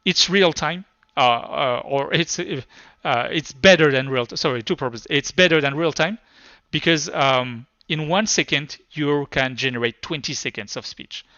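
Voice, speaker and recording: A man with a thick French accent presents at a tech conference, his explanations halting and full of restarts. His voice is bright and forward, heard dry and close with a slightly dull, muffled tone. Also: on the high side, no echo. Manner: hesitant, stop-start explaining. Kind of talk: live technical presentation.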